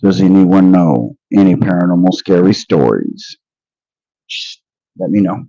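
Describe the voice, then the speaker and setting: A man's voice: sits low, animated, unhurried, dark tone, no echo. Man rambling to his livestream viewers. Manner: rambling, addresses viewers directly. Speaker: livestream host. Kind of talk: casual live-stream chat. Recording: dull lo-fi dry sound.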